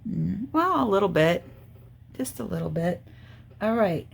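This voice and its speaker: A woman's voice: mid-range voice, big pitch swings, a little slow, gravelly, slight background noise. A middle-aged woman hosting a crafting channel, chatting casually and rambling as she thinks aloud while she works on a diamond painting.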